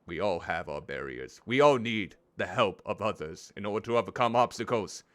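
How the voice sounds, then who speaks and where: A man streaming a game, chatting in an expressive, self-deprecating way. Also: on the low side, moderate pace. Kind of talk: gameplay commentary.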